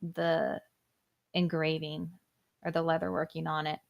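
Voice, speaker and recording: Woman game master, low gravelly voice, dry close mic, descriptive tabletop narration. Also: level tone, a little slow, highs cut off. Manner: descriptive, with frequent "um"s.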